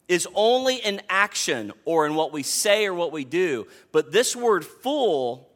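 A man in his fifties preaching a sermon as pastor, emphatic and animated, repeating words as he builds a point. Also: fairly high pitch. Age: 50s.

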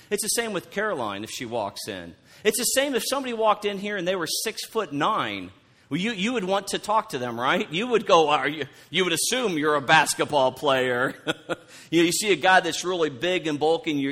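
Man, pastor preaching, casual repeating delivery, fairly high voice. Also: fairly bright tone. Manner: conversational, repeats words, asks the congregation questions. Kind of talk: sermon.

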